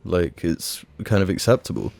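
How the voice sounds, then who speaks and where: A man's voice: sits low, animated, moderate pace, gravelly, darkish tone, no echo, faint music behind. A man co-hosting a podcast, chatting casually with laid-back, agreeable asides. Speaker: podcast co-host. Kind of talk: casual chat.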